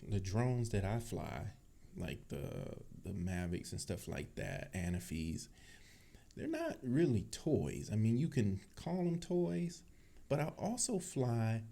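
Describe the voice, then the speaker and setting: A man from Cleveland hosting a casual livestream for his tech channel, chatty and laid-back with a deep, bassy voice and frequent laughs. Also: mellow. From Cleveland, Ohio. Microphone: desk microphone.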